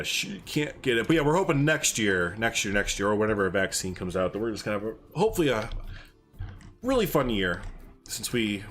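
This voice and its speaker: A man's voice: lowish voice, fairly bright tone. A young man chatting casually on a livestream, rambling and thinking aloud as he builds, with faint music and typing behind him. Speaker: streamer. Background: faint music and keyboard typing.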